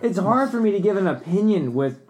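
A man's voice: high voice, animated, brisk, darkish tone, slight background noise. A man in a casual chat, rambling and hesitant, with many fillers and restarts.

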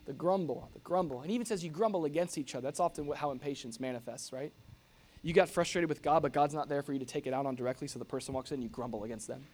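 Animated preacher man, slightly high voice. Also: racing. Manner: animated, jokey, acts out grumbling noises. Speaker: pastor. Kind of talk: sermon.

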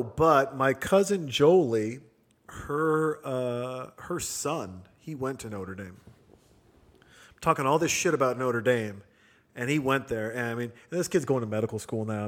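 A middle-aged man hosting a casual chat, telling stories in an animated way and acting out other people's voices. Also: medium pitch. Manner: animated, acts out voices in anecdotes. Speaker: podcast host.

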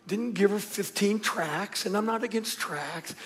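High-voiced storytelling preacher. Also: male voice, takes it slowly, hardly any pauses, slight background noise. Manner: storytelling preacher, acts out voices, swings from hushed to shouting. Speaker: pastor. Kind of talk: sermon.

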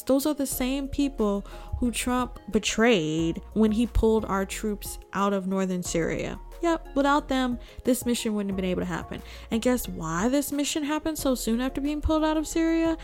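A woman's voice: mid-range voice, darkish tone. A woman hosts a political news commentary in a mid-range voice, with a faint bed of music behind her. She talks sarcastically and keeps firing rhetorical questions at her viewers. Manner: sarcastic, asks rhetorical "guess what" questions. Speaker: host.

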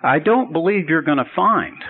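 A gravelly-voiced man teaches a sermon in an earnest, explaining way. His voice comes through a tinny, phone-like radio broadcast. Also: a little high, lively intonation, normal speed, slight background noise. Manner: earnest, explanatory, builds up to a told joke. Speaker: Bible teacher.

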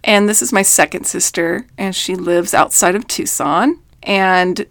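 A woman's voice: on the low side, fairly even intonation, measured pace, gravelly, fairly bright tone, dry recording. A middle-aged woman coach giving an earnest, emphatic faith-based reflective talk. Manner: earnest, emphatic, with quoted voices. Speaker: life coach.

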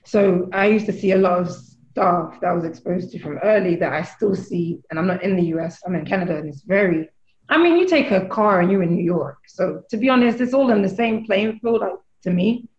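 A woman's voice: fairly low pitch, a little fast. A woman from England co-hosting a podcast, her mid-range voice picked up with a roomy echo and a dull, muffled tone. She speaks thoughtfully, weighing one place against another. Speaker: podcast co-host. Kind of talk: casual discussion.

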